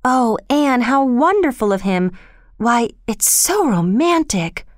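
A woman's voice: on the high side, lively intonation, slow pace, no echo, clean studio sound, voice pushed up. Woman doing a dreamy romantic young girl. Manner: dreamy and gushing.

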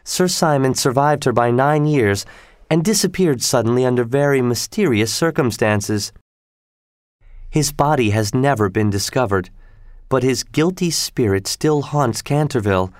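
A grave old housekeeper speaks in a low, solemn, mysterious way, as a male narrator puts her on. Her warnings carry a hushed storybook gravity. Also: a little slow, dry recording, clean studio sound, close to an everyday voice. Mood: ominous.

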